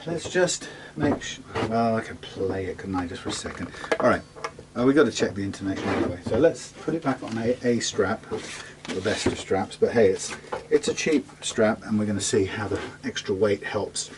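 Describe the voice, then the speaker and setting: A man's voice: lowish voice, animated, normal speed, noisy background. A man chatting casually to himself as he sets up a guitar, often trailing off mid-sentence. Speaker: guitar technician vlogger. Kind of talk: casual talk while working. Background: guitar being played and tuned.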